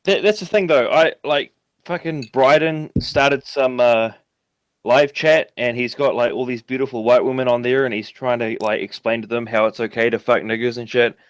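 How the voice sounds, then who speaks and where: A man with a New Zealand accent rambles on as a caller, swearing freely and leaning on fillers. His voice is dry and close, with an average pitch. The delivery is loose and conversational. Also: fairly even intonation, moderate pace, dry recording. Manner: profane, rambling, filler-heavy. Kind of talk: casual call-in chat.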